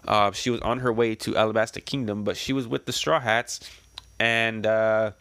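A man's voice: on the low side, a bit bright, no echo. A man casually reading a comic page by page, speculating aloud with lots of fillers. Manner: chatty, speculative, many fillers. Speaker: comic reader and reactor. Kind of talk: casual read-through with commentary.

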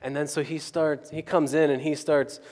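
A man's voice: a little high, flat delivery, normal speed, a little mellow. A man telling a personal story as a sermon, chatting with the crowd and checking in with "right?" after nearly every point. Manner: conversational, keeps asking the crowd "right?". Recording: long hall reverb.

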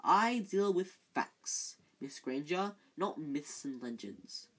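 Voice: medium pitch, animated, takes it slowly, fairly bright tone, slightly rough, heavily acted. A reader voicing an ancient, dull male ghost professor with a dry, wheezy voice.

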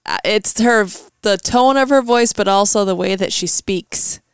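A woman's voice: medium pitch, a little slow, clear, resonant tone, dry recording, clean studio sound. A woman co-hosting a podcast, chatting casually and musing aloud as she searches for words. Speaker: podcast co-host. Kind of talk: casual chat.

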